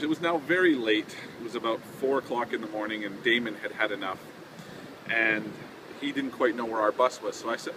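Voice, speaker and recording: A man from a touring band telling a casual anecdote in a chatty way, laughing and using fillers. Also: medium pitch. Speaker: touring band member telling a tour story. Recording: windy outdoor noise.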